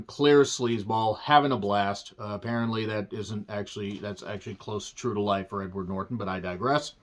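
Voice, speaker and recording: A man's voice: mid-range voice, a bit bright. A man giving a casual spoken movie review, rambling and digressive, with offhand jokes and casual swearing.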